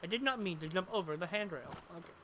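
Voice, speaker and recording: With a quick, expressive, high voice and a fairly bright tone, this streamer talks to viewers as he plays live, rambling through long explanations. There is slight background noise.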